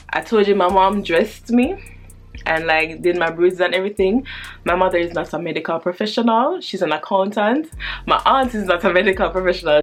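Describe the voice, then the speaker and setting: A woman in her twenties with a lowish voice, chatting through a story on her vlog. She talks in an animated, slangy way and swears freely. Faint music plays underneath. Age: 20s. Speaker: vlogger telling a personal story.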